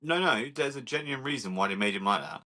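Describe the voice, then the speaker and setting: A man's voice: medium pitch, animated, fast, sharp tone. A man in a casual movie podcast chat, enthusiastically retelling comedy bits with jokes. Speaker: podcast co-host.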